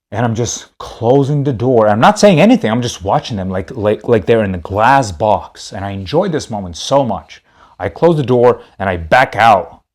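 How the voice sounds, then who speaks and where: A man telling a comedic story on a podcast, rambling and repeating himself. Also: on the low side.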